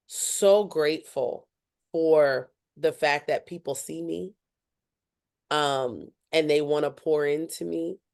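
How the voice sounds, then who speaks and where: Animated young woman telling her story. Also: sits low. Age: young adult. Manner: animated, acts out other people's lines. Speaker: guest, student journalist. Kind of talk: casual interview storytelling.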